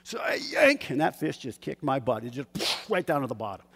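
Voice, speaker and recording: A man telling a personal fishing story in a lively, animated way, acting out shouts and gasps. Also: mid-range voice, a little fast, creaky, slightly rough. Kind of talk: casual spoken story. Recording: hall with long reverb.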